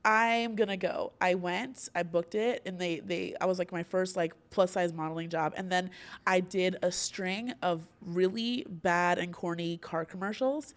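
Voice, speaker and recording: A woman's voice: on the low side, fairly even intonation, measured pace. A young woman from Orlando, hosting a podcast, telling a story in casual chat with many fillers and frequent laughs. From Orlando, Florida. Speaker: podcast host.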